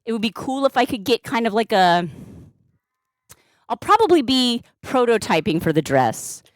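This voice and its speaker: A woman's voice: on the high side, sing-song, moderate pace, dry recording. A woman streaming live, chatting playfully and gushing thanks to her viewers. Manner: bubbly, gushing thanks to chat; playful, baby-talks her cat. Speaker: streamer and balloon artist. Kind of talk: casual live-stream chat.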